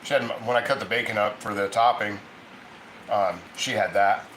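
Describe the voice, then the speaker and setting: A man's voice: fairly low pitch, normal speed, a bit bright, reverberant, slight background noise, low-quality recording. A man from Ohio hosting a casual cooking livestream from his home kitchen, rambling and chatting with viewers as he reads their comments.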